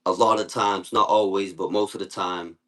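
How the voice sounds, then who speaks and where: A man's voice: deep voice, fairly even intonation, normal speed, a bit bright. A man hosting a podcast, asking questions in easygoing street slang. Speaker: podcast host. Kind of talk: casual interview chat.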